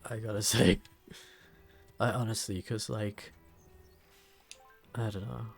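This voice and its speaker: A man streaming a game, talking casually in halting bursts and laughing between words. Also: fairly low pitch, little pitch movement, creaky, faint music behind. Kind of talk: casual let's play commentary.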